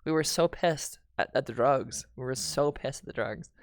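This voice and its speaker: A woman's voice: rumbling low, normal speed, dry recording, studio quality. A young woman streamer telling a painful family story in casual, candid talk, swearing and restarting often.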